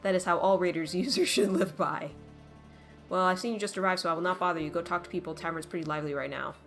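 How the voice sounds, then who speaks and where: A woman voicing a boastful raider master in a video game, breezy and brisk. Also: fairly low pitch, fairly bright tone, soft background music. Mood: brash.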